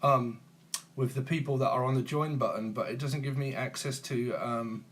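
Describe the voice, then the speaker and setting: An English man in his forties hosts a tarot channel, streaming casually live from his phone at normal speed. His medium-pitched voice is fairly bright, and he teases and jokes with viewers, chuckling often.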